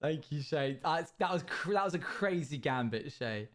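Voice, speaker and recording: A man's voice: a little high, animated, normal speed. A young man streaming a game, chatting casually and playfully with his viewers and laughing often. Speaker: livestreamer. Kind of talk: casual gaming stream chat.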